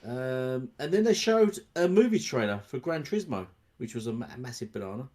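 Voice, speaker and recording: Casting: mid-pitched man, podcast host, halting delivery, repeats phrases, dry humor. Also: animated, darkish tone. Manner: halting, repeats himself, dry running jokes. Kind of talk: casual gaming chat.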